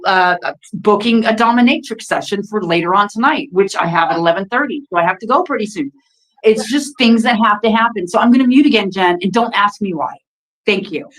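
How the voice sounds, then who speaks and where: A woman's voice: mid-range voice, rough recording. A woman co-hosting a casual livestream chat, blunt and profane, telling stories. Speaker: livestream co-host.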